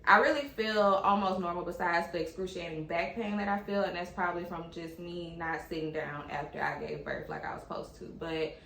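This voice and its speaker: A woman's voice: fairly low pitch, steady tone, moderate pace, a bit bright, echoey room, slight background noise, rough recording. Chatty young woman. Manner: candid, chatty, addresses viewers as y'all. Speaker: vlogger sharing her birth story. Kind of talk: casual personal storytelling to camera.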